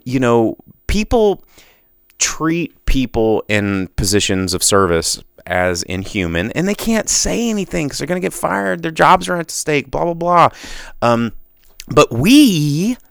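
A man's voice: mid-range voice, creaky, fairly bright tone, no echo, clean studio sound. Rambling, passionate man hosting a solo podcast. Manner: rambling, tangent-prone, passionate. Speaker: podcast host.

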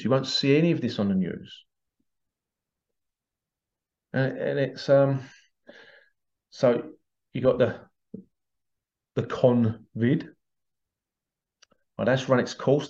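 A man's voice: medium pitch, expressive, measured pace, long pauses, a little mellow. A man hosting a podcast, delivering an agitated monologue full of rhetorical questions. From United Kingdom. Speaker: podcast host. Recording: dull lo-fi recording.

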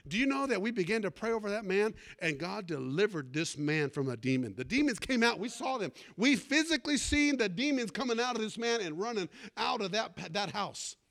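A man preaching a fervent sermon, calling out for amens and swinging between loud and hushed delivery. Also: high-pitched. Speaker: pastor.

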